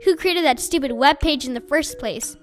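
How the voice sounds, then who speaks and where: A woman's voice: sits high, moderate pace, soft background music, lightly acted. A woman reading an audiobook, voicing a teenage boy who rages and accuses his friend. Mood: furious. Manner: raging, accusing, sputtering.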